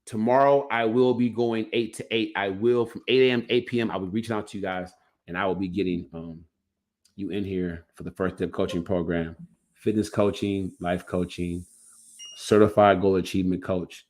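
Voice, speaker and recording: Low-voiced man rambling on a livestream. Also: fairly even intonation, moderate pace, darkish tone. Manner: loose, rambling, restarts mid-sentence. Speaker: livestream host and coach. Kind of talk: casual livestream commentary.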